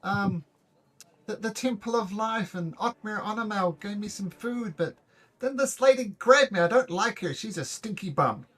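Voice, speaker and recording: A man playing a frightened whiny small boy for a tabletop game, high and husky. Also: big pitch swings, a little fast, a bit bright, heavily acted. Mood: whimpering. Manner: blubbering, whiny, stammering. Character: sobbing kidnapped little boy with useless legs.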